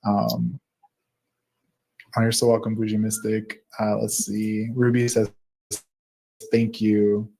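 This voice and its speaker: A man's voice: on the low side, completely flat delivery, slow pace, creaky, pauses often, mellow. A man in his thirties hosts a live stream and reads out viewers' comments one after another. He talks casually, with fillers and frequent laughs between them. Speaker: host. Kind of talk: reading live chat comments aloud.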